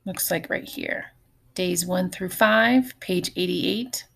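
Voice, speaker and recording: A woman teacher giving an online phonics lesson, patient and slow, often repeating words. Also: on the low side, vocal fry, fairly bright tone.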